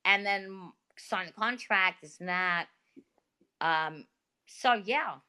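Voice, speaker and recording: An Australian woman with a bright, forceful voice tells stories as a guest on a video call. She talks in a chatty, animated way and leans on plenty of fillers. Her pitch sits at an ordinary middle height. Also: slow pace, clear, resonant tone. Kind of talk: casual interview talk.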